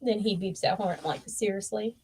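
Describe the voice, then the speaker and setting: A woman's voice: mid-range voice, fairly even intonation, brisk, creaky, a little mellow, husky. A woman hosting a crafting livestream, chatting casually and teasing while she works.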